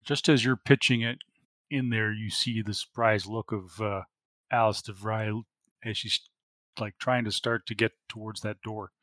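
A man's voice: fairly low pitch, fairly even intonation, measured pace, pushed and bright, no echo. Laid-back man running a tabletop game. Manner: laid-back, lots of ums and uhs. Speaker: game master.

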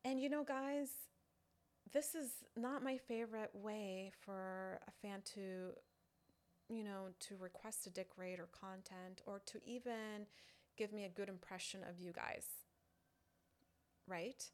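Woman, online content creator, casual talk to fans, halting, lots of fillers, mid pitch. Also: fairly even intonation. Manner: chatty, halting, full of "you know" fillers. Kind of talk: casual direct-to-camera talk.

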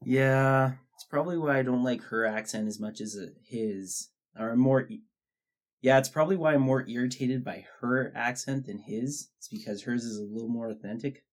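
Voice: medium pitch, moderate pace. A podcast co-host making short, wry, opinionated remarks in casual chat.

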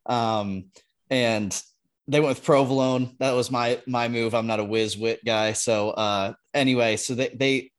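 A man telling a story casually on a podcast, relaxed and loose, with lots of fillers. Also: mid-range voice, unhurried. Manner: laid-back, loose with fillers like "um" and "like". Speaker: podcast regular.

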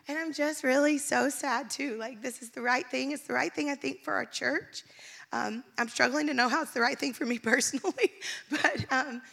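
A woman's voice: high-pitched, steady tone, fairly quick, vocal fry, a bit bright. A woman pastor speaking candidly to her church, emotional and laughing often. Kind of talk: sermon-style church announcement. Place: church stage.

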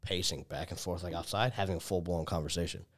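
A young man with a low-pitched, steady voice talks at a quick pace, telling a long personal story in casual chat. He leans heavily on "like," swears, restarts sentences, and acts out what people said in quoted dialogue.

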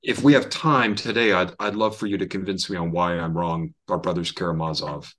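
A man's voice: low voice, steady tone, fairly bright tone. A man co-hosting a podcast from home over an online call, chatting eagerly and often restarting his sentences. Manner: eager, halting, full of restarts. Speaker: podcast co-host. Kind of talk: casual chat.

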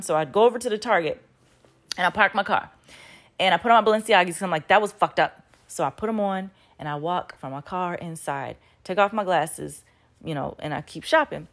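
A woman in her thirties telling a story in a casual vlog, rambling with lots of "like" and restarts, and swearing freely. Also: on the low side. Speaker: vlogger.

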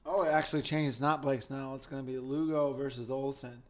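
A man co-hosting a sports podcast in casual chat, loose in manner, swearing now and then and dropping into quiet asides. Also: mid-range voice, steady tone, a little fast. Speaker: podcast co-host.

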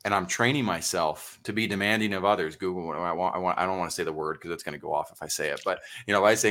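A middle-aged man with a low voice talks casually on a podcast. His tone is bright and forceful, and he works through his thoughts in a halting way, with plenty of fillers. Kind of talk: casual conversation.

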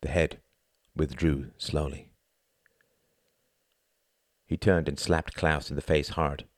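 A man narrating a novel in an even, measured storytelling manner. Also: a bass voice, dry recording, clean studio sound. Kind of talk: audiobook narration.

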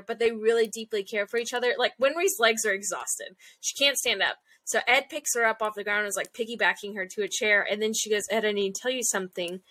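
A woman's voice: a little high, sharp tone. A young woman chatting casually, recapping episodes with lots of fillers and acted-out quotes. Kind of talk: casual chat recapping an anime.

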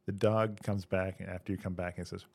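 A man co-hosting a comedy podcast who tells long setup jokes and drops quick puns in casual banter. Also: sits low, little pitch movement, vocal fry, no room sound. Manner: joke-teller with punny quips. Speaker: podcast co-host. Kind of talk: casual comedic joke-telling.

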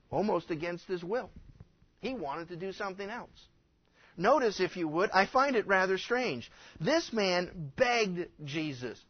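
A male pastor preaching a sermon, animated and acting out the voices he quotes. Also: high-pitched. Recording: dull lo-fi recording.

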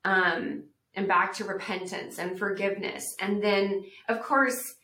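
A woman's voice: mid-range voice, fairly even intonation, measured pace, pushed and bright. A woman podcast guest telling her personal testimony in an earnest, reflective way, acting out the voices she quotes. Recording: roomy echo.

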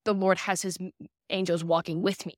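A woman's voice: on the low side, flat delivery, brisk, dry recording, studio quality. A young woman in her twenties, a podcast guest, telling a personal story in earnest and acting out the people she quotes. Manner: earnest, acts out quoted dialogue.

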